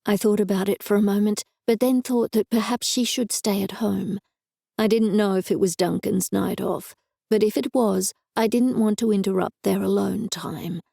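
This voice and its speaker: A woman narrating a first-person cozy mystery audiobook in a measured storytelling way, recorded on a close studio mic. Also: medium pitch, steady tone, vocal fry, dark tone, dry recording.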